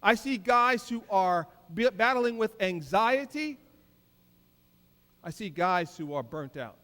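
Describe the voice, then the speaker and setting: A middle-aged man preaching a keynote sermon, emphatic, swinging between loud declarations and soft asides. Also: high-pitched, animated, slow pace. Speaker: keynote speaker. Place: large hall. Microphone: handheld mic. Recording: live in a reverberant hall.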